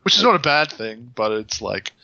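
Sweary animated man, bright voice. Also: medium pitch, moderate pace, dry recording, dull audio. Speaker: podcast co-host. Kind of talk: casual chat.

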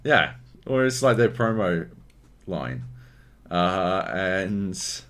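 A man's voice: low voice, very slow. An Australian man from Queensland co-hosting a podcast in casual chat, often swearing and ranting. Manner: swears a lot, animated ranting. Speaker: podcast co-host.

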